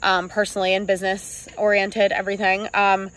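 In her twenties and founder of a small clothing brand, a young woman tells her own story in a vlog, earnest and halting, full of ums and restarts, sometimes near tears. Her medium-pitched voice is a bit bright yet delivered completely flat, and the audio quality is poor.

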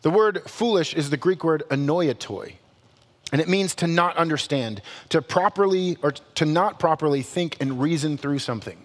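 A pastor preaches with a notably high voice for a man, his words ringing out with long reverb as though filling a church hall. Conversational and animated, he slips in playful asides and corrects himself with humor.

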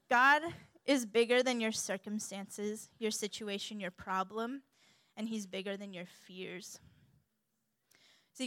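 A young woman giving a sermon in an animated, humorous way. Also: medium pitch, smooth, no echo. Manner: animated and humorous, acts out quoted voices.

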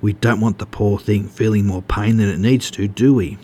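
A man's voice: fairly low pitch, steady tone, moderate pace, warm tone, husky. A man voicing a brutish, hot-tempered male slaughterhouse worker who snarls and bullies in a story reading. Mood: menacing. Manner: snarling, bullying.

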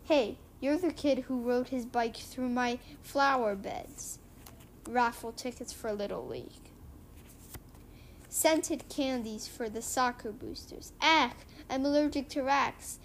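A woman reading a comic book aloud and retelling its story in a halting way, with many restarts. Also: fairly high pitch, a little hiss or hum. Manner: halting, with frequent restarts and fillers.

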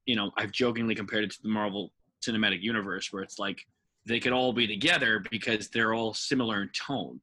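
A man's voice: medium pitch, sharp tone, slightly rough. A man co-hosting a podcast, chatting in a jokey, rambling way about ranking films. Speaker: podcast co-host. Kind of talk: casual film-ranking chat.

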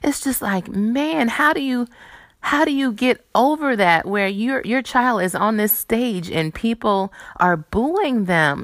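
A woman in her thirties hosting a casual chat show, telling stories in an animated way and acting out quoted voices. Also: fairly high pitch, takes it slowly, no room sound. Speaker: host. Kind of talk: casual chat and movie previews.

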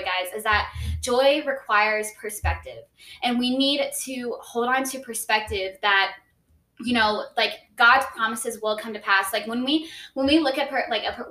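A woman's voice: fairly high pitch, sharp tone, far from the mic. A young woman telling a personal faith story in casual chat, earnest, with many "like"s and restarts. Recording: echoey room, voice a bit off-mic.

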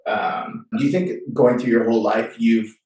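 An Australian man hosting a podcast interview, asking questions in a relaxed, hesitant way with many fillers. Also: mid-range voice, normal speed. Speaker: podcast host. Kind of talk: casual interview chat. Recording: distant echoey room mic.

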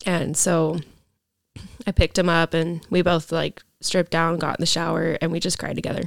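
Young woman, podcast guest, casual rambling storytelling, filler-heavy, fry in voice, dry sound. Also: low-pitched, little pitch movement, moderate pace, dry recording.

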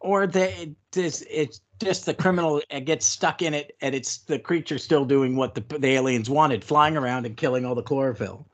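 A man's voice: a little high, normal speed, few pauses. A man co-hosting a podcast in casual chat, adding joking, sarcastic asides. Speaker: podcast co-host.

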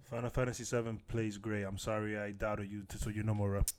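A man co-hosting a casual podcast, bantering in a joking, excitable way. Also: lowish voice, a little fast, a little hiss or hum. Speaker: podcast co-host. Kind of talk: casual chat.

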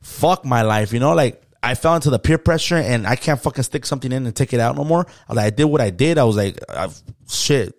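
A man's voice: mid-range voice, fast talker. A man co-hosting a casual chat, telling stories in slang with swearing and Spanish phrases. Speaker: podcast co-host.

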